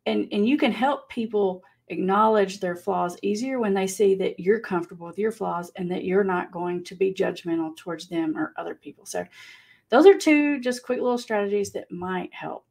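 A woman's voice: medium pitch, normal speed, vocal fry, a little mellow. A woman with a Southern US accent hosting a casual live chat, laughing often and reading out viewer comments. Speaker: livestream host.

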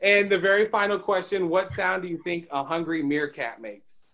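A man's voice: high voice, steady tone, moderate pace, sharp tone. Upbeat male radio host, dull lo-fi sound. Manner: upbeat, joking. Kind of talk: playful radio quiz hosting.

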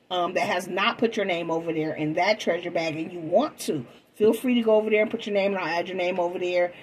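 A woman's voice: lowish voice, a little hiss or hum, low-quality recording. Chatty woman giving a tarot reading. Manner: chatty, calls viewers "babies" and "y'all". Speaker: tarot reader. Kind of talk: casual tarot reading vlog.

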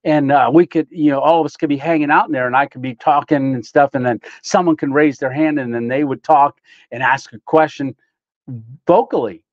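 A man's voice: on the high side, brisk, no room sound, dull audio. A man hosting a casual livestream, chatting and greeting viewers by name with frequent laughs. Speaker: livestream host reading chat. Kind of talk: casual live chat.

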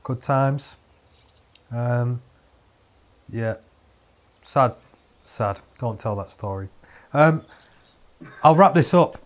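A man's voice: mid-range voice, expressive, drawn-out words, long pauses. A young man hosting a podcast, rambling and joking with lots of fillers and restarts. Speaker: podcast host. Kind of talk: casual podcast chat.

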